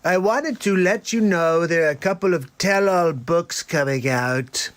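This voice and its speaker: A man's voice: a little high, a little slow, natural voice. A man doing a bragging blowhard politician. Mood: boastful. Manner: bragging, repetitive, superlative-heavy. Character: boastful blustering older male politician. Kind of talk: comedic celebrity impression on a livestream.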